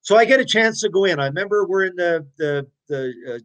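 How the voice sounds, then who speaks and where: A man in his sixties telling his stories as an interview guest, animated, blunt and profane. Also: high voice, fairly quick. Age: 60s. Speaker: interview guest, former hockey player. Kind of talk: casual storytelling.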